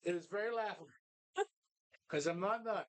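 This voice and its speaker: A co-host on a live talk show recorded in a bar, swearing constantly while retelling a movie in animated detail. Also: medium pitch, moderate pace. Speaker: podcast co-host.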